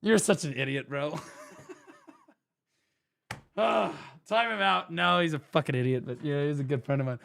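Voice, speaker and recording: Guy streamer talking fast and cursing a lot, high bright voice, ex-teacher telling stories. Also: gravelly, slight background noise. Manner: profane, animated storyteller. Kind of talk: casual stream chat and storytelling.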